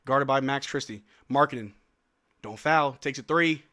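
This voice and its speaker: A man hosting a live stream watch-along, giving excitable play-by-play of the game with slang and calling out to his chat from an indoor room. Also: medium pitch, moderate pace.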